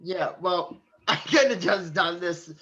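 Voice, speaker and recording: A man's voice: high voice, slow, fairly bright tone, highs cut off. A man co-hosting a podcast, rambling and laughing at his own jokes in casual banter. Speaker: podcast co-host.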